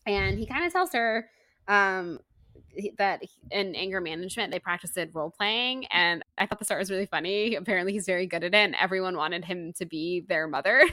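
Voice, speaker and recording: Bright, chatty woman podcaster. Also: medium pitch, dry recording, clean studio sound. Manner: chatty, retells scenes with quoted lines and laughs. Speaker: podcast co-host. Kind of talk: casual book-club chat.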